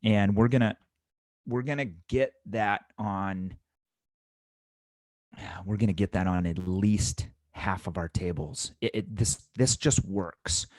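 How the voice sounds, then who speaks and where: A man's voice: fairly low pitch, slow pace, darkish tone, no echo. A man teaching restaurant servers in an instructional talk, coaching them through the math step by step and repeating key points for emphasis.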